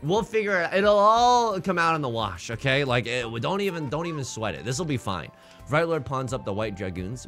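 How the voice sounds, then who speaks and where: A man hosting a let's play, commenting casually on his game in an excitable, jokey way, thinking aloud. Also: medium pitch.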